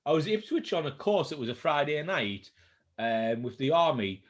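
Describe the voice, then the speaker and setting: A man's voice: a little high, very animated, moderate pace. A man, co-hosting a casual chat over drinks and telling laid-back, sweary anecdotes. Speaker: co-host.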